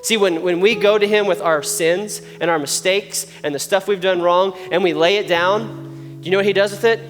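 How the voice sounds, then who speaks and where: Man, fairly high voice, earnest conversational sermon, long church-hall reverb, guitar playing underneath. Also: fairly even intonation, moderate pace. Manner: earnest, conversational preaching with rising emphasis. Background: soft guitar music.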